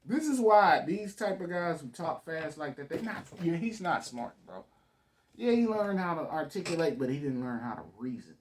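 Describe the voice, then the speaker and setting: A man's voice: on the high side, lively intonation, moderate pace, a little hiss or hum. A man giving casual reaction commentary on a debate clip, blunt, slangy and profane, talking over the clip.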